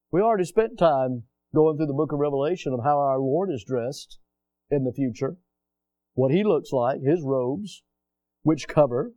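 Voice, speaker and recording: A man preaching a sermon to his congregation, asking questions and waiting for them to answer, then reading scripture in old-fashioned wording. His voice sits fairly high yet sounds mellow and warm. It is recorded close and dry. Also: expressive, normal speed, no room sound. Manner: swings between quiet asides and loud emphatic rises. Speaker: pastor.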